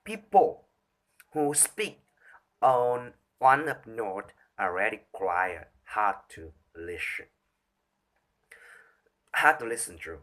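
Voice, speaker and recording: A man reciting a speech from memory, halting and restarting often as he stumbles over words. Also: medium pitch, fairly bright tone. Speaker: speaker rehearsing a talk on voice.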